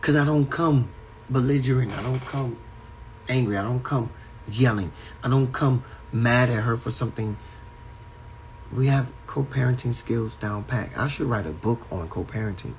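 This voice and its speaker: A man's voice: mid-range voice, normal speed, slight background noise, rough recording. A man giving a spiritual talk on a livestream from a home, in an emphatic, repetitive preaching cadence. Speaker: spiritual teacher. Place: at home indoors.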